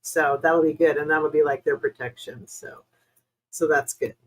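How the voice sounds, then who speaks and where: Poor audio carries a low-pitched, fairly even voice at normal speed: a US woman running a spiritual-reading live stream. Her replies to viewers ramble, hesitate and brim with fillers, and she speaks to them in a chatty, sorry-sounding way.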